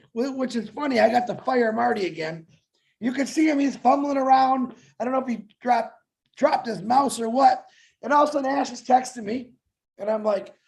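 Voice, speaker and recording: A man hosting a promotional webinar, telling stories in a jokey, animated way. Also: very high-pitched, creaky. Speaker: webinar host. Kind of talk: casual promotional webinar chat.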